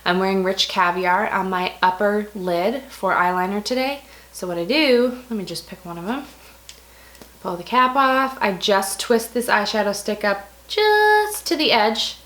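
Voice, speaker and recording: A young woman from the United States talks through her favorite makeup in a relaxed, chatty way. Her voice sits at a middle pitch, and she often stops to correct herself and laughs at her own slips. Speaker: beauty vlogger. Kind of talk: casual product review.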